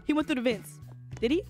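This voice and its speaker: A woman's voice: sits high, a little mellow. A woman streaming a game live, talking casually to her chat and often shrieking and laughing. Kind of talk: live gaming commentary.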